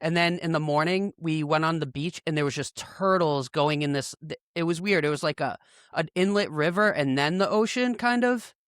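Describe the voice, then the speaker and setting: A young man hosts a podcast in casual, laid-back chat, rambling a little and dropping plenty of "like" and "bro." His voice is smooth and clear and sits a bit above the usual male pitch. The sound is dry and close. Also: normal speed, a bit bright, no echo. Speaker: podcast host.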